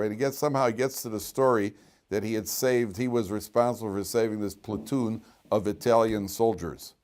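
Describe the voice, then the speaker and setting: A man's voice: lowish voice, fairly quick. A man teaching a class as a rabbi, telling stories with jokes and many repeated words. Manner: animated, joking storyteller who repeats words. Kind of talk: lively classroom storytelling.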